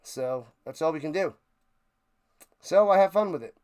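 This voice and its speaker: A man's voice: fairly high pitch, lively intonation, moderate pace, a little mellow, smooth. New York-accented male streamer, loose play-by-play, clean resonant tone. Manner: rambling, playful, jumps between game calls and snack talk. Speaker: watch party streamer. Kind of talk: casual live play-by-play chat.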